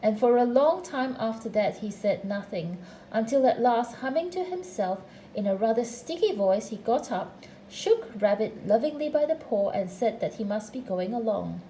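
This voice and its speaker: Expressive woman reading a storybook. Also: fairly high pitch, normal speed, roomy sound, a little hiss or hum, rough recording. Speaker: storybook reader. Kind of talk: storybook narration.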